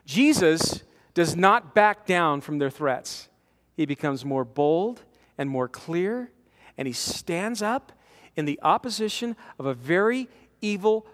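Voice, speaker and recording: A man in his forties preaching a conversational sermon to a men's conference, animated, acting out quotes and repeating words as he presses his points. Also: a little high, slow pace. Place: large conference hall. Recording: long hall reverb from a conference.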